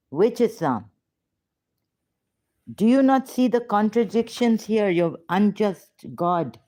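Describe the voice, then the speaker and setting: Woman in a heated argument, accusatory and unrelenting, slow measured pace. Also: lowish voice, warm tone. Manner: confrontational, accusatory. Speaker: ex-Muslim debater on a call.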